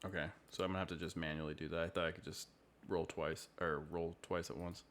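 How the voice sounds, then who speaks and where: A man's voice: sits low, level tone, fast talker, fairly bright tone. A man playing a tabletop game over a video call, easygoing and self-mocking. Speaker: player. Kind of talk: casual tabletop game play.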